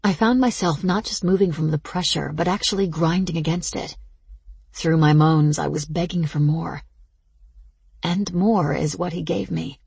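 A woman giving slow, intimate, first-person audiobook narration. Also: deep voice, gravelly, darkish tone, husky, no echo.

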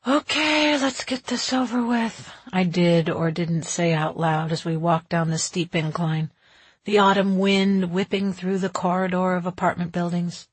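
A woman reading a first-person novel aloud in a wry, expressive way. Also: lowish voice, normal speed, breathy edge, no echo. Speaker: audiobook narrator.

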